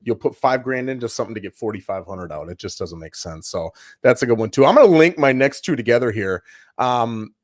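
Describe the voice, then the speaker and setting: Male co-host, lively swooping delivery, casual advice talk, plays out client quotes. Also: medium pitch, a little fast. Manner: animated, acts out client quotes. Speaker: real estate broker co-host.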